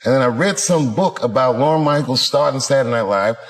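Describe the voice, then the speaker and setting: A middle-aged man doing a stand-up comedy routine, telling a story with lively acted-out quotes. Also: mid-range voice, brisk. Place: large theater stage. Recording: reverberant hall with crowd noise. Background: audience laughter.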